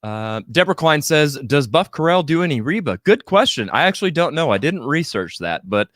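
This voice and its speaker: A man's voice: fairly high pitch, sing-song, a little fast, a bit bright, no room sound, clean studio sound. A man hosting a podcast, casually chatting and reading live comments with a joking, laughing manner. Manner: jokey, laughs often. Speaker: podcast host.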